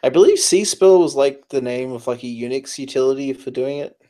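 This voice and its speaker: A man's voice: medium pitch, fairly quick, mellow. Tired man explaining code, full of ums. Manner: explanatory, hesitant with many fillers, tired. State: tired, late at night. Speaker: programmer giving advice. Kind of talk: casual pair-programming chat.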